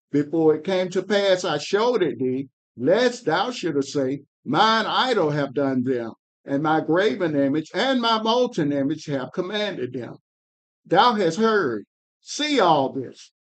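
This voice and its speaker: A man reading scripture aloud in a Bible class, slow and emphatic, pushing up on key words. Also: on the high side.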